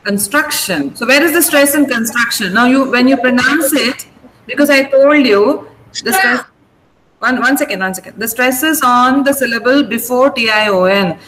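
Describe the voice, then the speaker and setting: A woman with an Indian English accent teaches English, explaining stress rules patiently and asking students to repeat each word. Her voice sits somewhat high. There is a faint hiss behind her. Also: normal speed, a bit bright, roomy sound, low-quality recording. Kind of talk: online vocabulary class.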